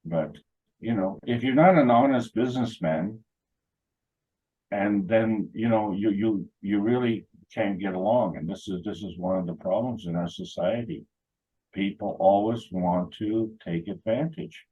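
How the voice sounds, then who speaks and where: A man's voice: on the low side, a little slow, dark tone, slightly rough, dull audio. A man chatting casually, telling rambling anecdotes full of "you know" and acting out other people's lines. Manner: acts out quoted dialogue in funny voices. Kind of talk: casual chat.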